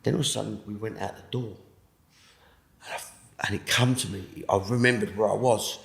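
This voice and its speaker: A man with a British accent giving an emotional personal testimony in an interview, halting and repeating words, sinking to a hush at the most intense moments. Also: fairly low pitch, fairly even intonation, creaky, reverberant. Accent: British English. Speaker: interviewee telling his testimony.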